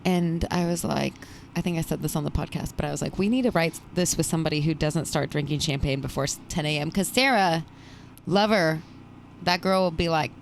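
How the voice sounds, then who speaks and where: A woman hosting a podcast in casual chat, laughing often and telling animated stories. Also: sits low, a little fast, vocal fry, a little hiss or hum. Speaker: podcast host.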